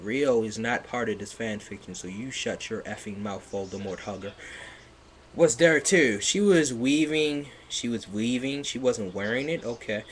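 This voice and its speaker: A man on a livestream reading fan fiction aloud in a mocking dramatic way, sarcastic, with loud outbursts and laughter, sounding a bit stuffy. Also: on the low side, normal speed, few pauses, a little hiss or hum. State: slightly stuffy.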